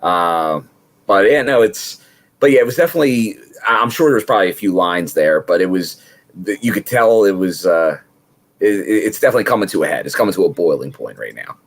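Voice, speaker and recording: A man's voice: deep voice, lively intonation, brisk. A man co-hosting a wrestling review podcast, giving thoughtful, rambling analysis. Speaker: podcast co-host. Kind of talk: casual wrestling review chat.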